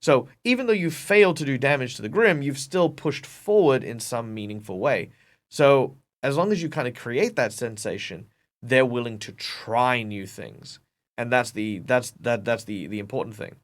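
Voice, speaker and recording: An Australian man telling game stories with lively energy. He often stops and restarts with ums, and his pitch sits in the middle range for a man. He speaks as a casual interview guest over a video call. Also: normal speed. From Perth, Western Australia. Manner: animated storyteller, many ums and restarts. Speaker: guest, professional game master.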